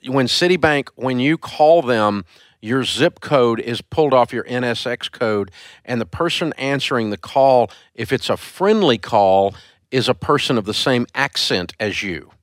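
A man's voice: mid-range voice, normal speed, dry recording, studio quality. A man hosting a call-in radio show, blunt and emphatic as he rants at a caller.

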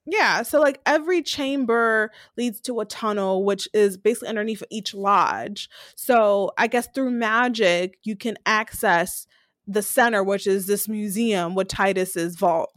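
A young woman co-hosting a casual recap podcast, retelling scenes with lively acted-out quotes. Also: medium pitch, unhurried, dry recording, studio quality. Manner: animated retelling, acting out characters' lines. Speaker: podcast co-host.

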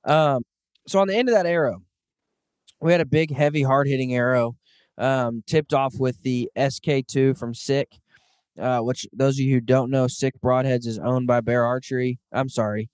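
A man in his thirties hosts a relaxed podcast conversation at a medium pitch. He speaks with earnest enthusiasm and frequent filler "um"s. The recording is close and dry, with no room sound. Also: normal speed, smooth, no echo. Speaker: podcast host. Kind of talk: casual hunting podcast chat.

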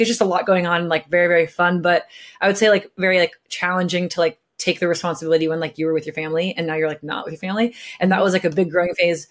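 A young woman from California, a guest telling her story in a casual chat, bubbly and full of filler words. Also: lowish voice. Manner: bubbly, lots of filler words, acts out quotes. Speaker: guest, professional soccer player.

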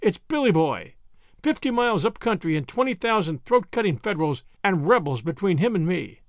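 A blustering gray-haired American man of fifty, voiced by a male narrator, bursts with defiant indignation. His voice runs high and swings widely, with a gravelly grain. It sounds close and dry. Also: very animated, brisk, dry recording. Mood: indignant. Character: gruff angry older American man.

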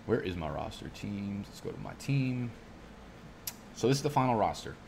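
With a lowish, creaky, darkish voice that's expressive and moderately paced, a young man chats to viewers during his fantasy football draft. Slight background noise is present as he rambles, swears freely, and wanders onto tangents.

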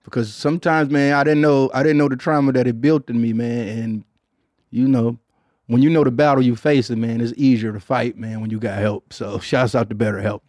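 Laid-back host, dry close mic. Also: male voice, mid-range voice, fairly even intonation, brisk, a little mellow, dry recording. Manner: profane, laid-back, filler "man" after most phrases. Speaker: podcast host. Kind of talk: casual comedic podcast chat.

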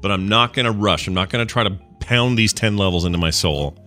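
A man's voice: lowish voice, brisk, pushed and bright, faint music behind. A man co-hosting a casual morning chat show, telling rambling stories with many restarts and self-interruptions. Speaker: podcast co-host.

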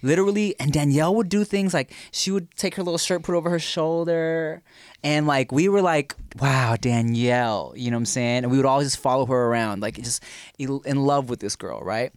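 Man, casual podcast storyteller, slightly high voice, dry close sound, animated and laughing. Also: fairly quick, dry recording. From Southern California. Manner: animated, laughs often, acts out quotes.

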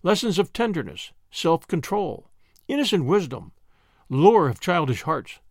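A man narrates a classic novel with gentle, expressive storytelling. His voice sits high and moves with lively pitch. The recording is close and dry. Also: a little slow, no echo. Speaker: audiobook narrator. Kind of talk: scripted narration.

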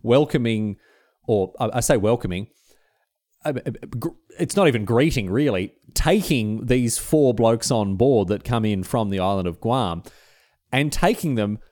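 With an Australian accent, a history podcast host tells a story in a relaxed, conversational way, animated and often restarting his sentences. His voice is medium-pitched and his pace measured, captured in a dry, studio-quality recording.

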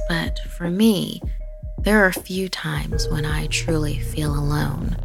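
A woman hosting a horror podcast, narrating a scary story in a slow, hushed, eerie way that drops into whispers. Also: lowish voice, vocal fry.

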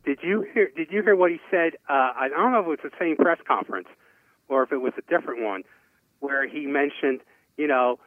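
A man's voice: a little high, brisk, no echo. A man co-hosting sports talk with a slightly raised voice, making casual, wry asides. His sound comes through thin and tinny, like a phone line, and it is dry. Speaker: sports radio co-host.

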